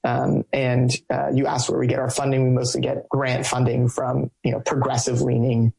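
A man who works as a coalition organizer, answering interview questions in a halting way, with many ums and restarts. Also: mid-range voice, completely flat delivery, vocal fry, warm tone, slightly rough, rough recording.

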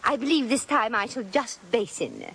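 Casting: a fake-posh showgirl, high, swooping, giggly, for a 1940s radio comedy. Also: expressive, normal speed, sharp tone, slightly rough, exaggerated voice, poor audio. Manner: put-on posh airs with slips, giggly. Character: brash showgirl posing as a grand lady, woman.

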